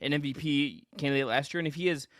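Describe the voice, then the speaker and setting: Man, podcast co-host, rapid, animated, crisp, dry close mic. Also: fairly high pitch, no echo. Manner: animated, quick, stumbles into restarts. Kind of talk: casual sports podcast chat.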